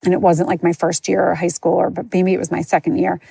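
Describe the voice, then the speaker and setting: A woman's voice: lowish voice, little pitch movement, fast talker, vocal fry, dark tone, husky, dry recording. A woman podcast host candidly telling her own life story in a chatty, conversational way. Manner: candid, chatty, frequent "like" and "you know". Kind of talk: personal storytelling.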